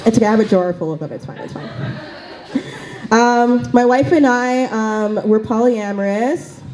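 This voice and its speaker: A woman's voice: on the high side, normal speed, noisy background. Chatty woman doing stand-up. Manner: chatty, full of fillers and asides. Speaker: stand-up comedian. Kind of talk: stand-up comedy set. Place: small cafe.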